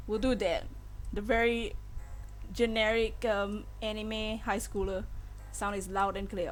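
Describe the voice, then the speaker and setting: On a live stream, a woman plays through a game while chatting casually with her viewers, giggling often. Her voice is medium-pitched and her speed normal. Faint game music plays in the background.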